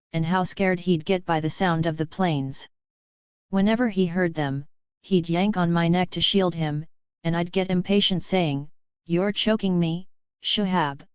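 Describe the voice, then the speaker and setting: A woman giving a slow, grave, measured audiobook reading of first-person testimony. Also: fairly low pitch, smooth, dry recording, muffled recording.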